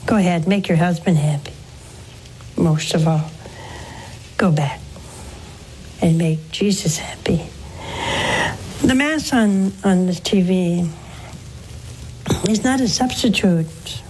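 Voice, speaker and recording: An older woman hosting a religious call-in show, counseling a caller in a gentle, pleading, preacherly way. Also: on the low side, expressive, slow, pauses often, slight background noise. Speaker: religious TV host taking calls.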